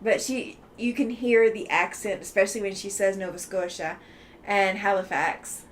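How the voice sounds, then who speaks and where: A woman's voice: medium pitch, fairly even intonation, normal speed, slight background noise. Chatty woman hosting a livestream. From Alabama, US. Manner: chatty and friendly, many ums and easy laughs. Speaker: livestream host. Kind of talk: chatty livestream, reading chat aloud.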